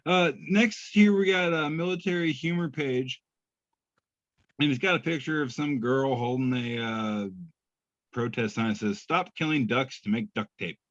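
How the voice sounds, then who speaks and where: A man's voice: mid-range voice, moderate pace, fairly bright tone, no echo. A man co-hosting a podcast, reading memes aloud in a laid-back, chuckling, self-deprecating way. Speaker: podcast co-host. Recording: slightly muffled dry podcast audio.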